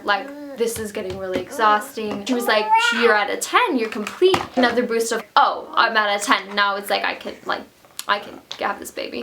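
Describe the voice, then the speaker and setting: A woman's voice: fairly high pitch, noisy background. A young woman casually telling a personal story at home, chatty with many fillers. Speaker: vlogger. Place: home room.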